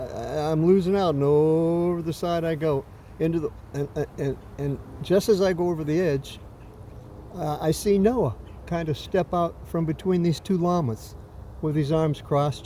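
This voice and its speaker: A man's voice: fairly high pitch, warm tone, a little hiss or hum. A man casually recounting a dream in a rambling, self-deprecating way. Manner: rambling, self-deprecating, with many fillers and restarts.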